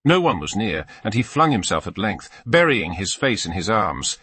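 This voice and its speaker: A man reading a classic novel aloud as an audiobook narrator, in steady storytelling and voicing the characters. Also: on the low side, normal speed, slightly rough, no room sound.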